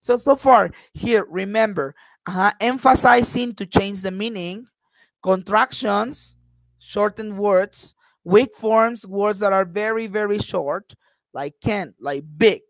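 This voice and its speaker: A woman for whom is not a teaches an online class, pausing often with little "uh-huh" checks. Her voice sits at a middling pitch. The sound is dry and close, with no room around it. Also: steady tone, no room sound. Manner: frequent "uh-huh" check-ins, repeats example sentences with acted intonation. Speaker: English teacher.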